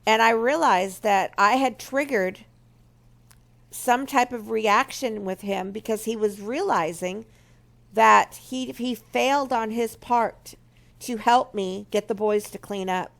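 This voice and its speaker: A woman's voice: fairly high pitch, takes it slowly, vocal fry, a bit bright. A woman speaking for a marriage ministry, earnestly telling a personal story and teaching from it. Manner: earnest, storytelling, acts out remembered quotes. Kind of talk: personal testimony and teaching talk.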